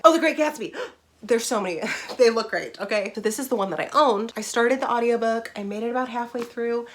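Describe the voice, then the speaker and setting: A young adult woman chatting casually in a book review vlog, bubbly and rambling, with laughs and asides. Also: fairly high pitch. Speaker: book vlogger.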